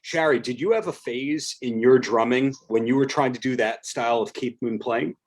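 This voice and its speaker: A man's voice: mid-range voice, moderate pace, poor audio. A man hosting a casual interview on a video call, asking follow-up questions. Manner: friendly, asks follow-up questions. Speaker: podcast host.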